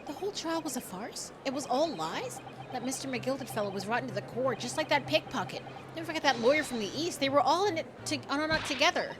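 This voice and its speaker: A woman voicing an excitable young working-class woman witness who pleads and yells. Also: fairly quick, noisy background. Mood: indignant. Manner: shrill, pleading, rising to yells. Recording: game music behind.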